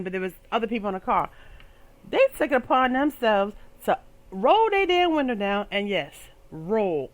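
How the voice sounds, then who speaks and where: A young woman hosting a podcast, telling a comic story in a lively voice that swings between loud outbursts and low asides. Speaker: podcast host. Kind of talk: storytelling monologue.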